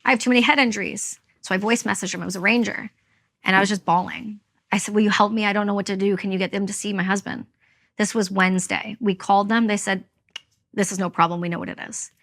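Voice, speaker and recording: A woman's voice: mid-range voice, fairly even intonation, fast, a bit bright. A woman from Canada, a veteran and guest, telling a personal story in an interview, candid and blunt.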